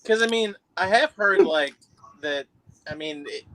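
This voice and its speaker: A man's voice: fairly high pitch, expressive, unhurried, pushed and bright, no echo. A man co-hosting a casual live stream, talking hesitantly with plenty of ums and likes.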